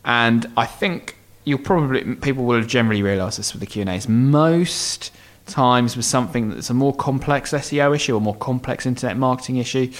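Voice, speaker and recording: A man's voice: mid-range voice, a little fast. A man co-hosting a podcast, explaining answers to listener questions in a loose, rambling way with frequent ums and restarts. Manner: rambling, thinks aloud with many ums and restarts. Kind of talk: casual explanatory chat.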